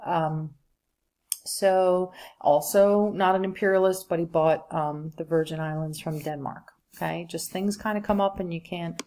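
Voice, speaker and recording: A woman with a slightly low voice gives a recorded history lecture over slides. She talks in a loose, chatty way, full of "um"s and quick asides to her students. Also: fairly even intonation, mellow. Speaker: history teacher.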